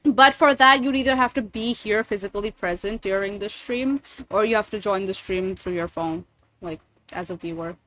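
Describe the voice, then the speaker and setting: A woman's voice: medium pitch, normal speed, a bit bright, dry recording. A woman streamer chatting casually and rambling, swearing freely between thoughts. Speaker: streamer and voice actor. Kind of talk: casual livestream chat.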